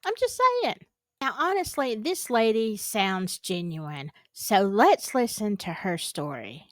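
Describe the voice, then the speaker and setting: A woman with a Southern US accent hosting a casual reaction video, chatty and animated, laughing often and repeating herself. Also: medium pitch, slow pace, no echo. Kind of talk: casual chat reacting to clips.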